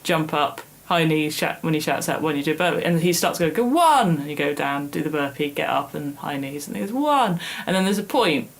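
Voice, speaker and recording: A woman co-hosting a podcast, chatting casually with giggly, self-mocking, animated storytelling. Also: low-pitched, brisk, few pauses. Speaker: podcast co-host. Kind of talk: casual chat.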